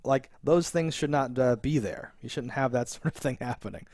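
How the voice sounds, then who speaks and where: A man co-hosting a casual TV episode review, talking in a rambling, animated way with lots of fillers, restarts and laughs. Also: mid-range voice, normal speed, dry recording, clean studio sound. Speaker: podcast co-host reviewing a TV episode.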